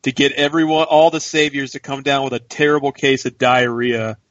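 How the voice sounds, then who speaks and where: A man co-hosting a podcast, rambling in casual chat with halting restarts. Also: medium pitch, level tone, fairly bright tone, no room sound. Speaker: podcast co-host. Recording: distant dull dry mic.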